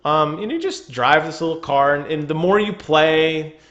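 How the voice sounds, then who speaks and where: A man's voice: on the high side, normal speed, fairly bright tone, muffled recording. A man chatting casually on a gaming podcast over a remote call, joking and laughing often. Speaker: podcast co-host.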